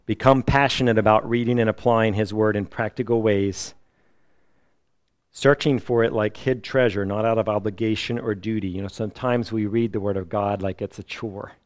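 A middle-aged man preaching a sermon, lively and emphatic, now and then acting out the people he quotes. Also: on the low side, moderate pace, no room sound, clean studio sound. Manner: animated preaching, acts out quoted voices. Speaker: pastor.

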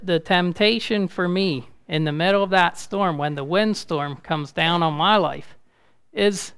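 A man delivers an informal sermon at an unhurried pace, often stopping to restart his sentences. His voice is a little high and has a gravelly edge, yet the words come through smooth and clear. Now and then he builds to a loud, urgent push. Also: dry recording. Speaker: preacher.

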